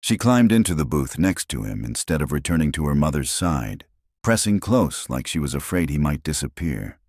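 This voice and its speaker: A man with an extremely deep voice narrates a dramatic story in a steady, scripted style. His pitch moves in lively swings, and the sound is dry and close to the mic. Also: moderate pace, no room sound.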